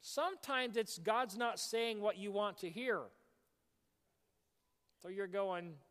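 A man delivering a sermon from the pulpit, his voice sitting high for a man. He preaches with animation and now and then breaks into a shout. The sound carries a long reverb from the church sanctuary. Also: slow, long pauses, clear, resonant tone. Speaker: pastor.

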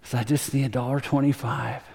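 An eager, hopeful little boy from a poor family, as a preacher puts him on. The voice is slightly raised yet mellow, pleading a little. It rings out in a reverberant hall. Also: mid-range voice, flat delivery, fairly quick, vocal fry, husky.

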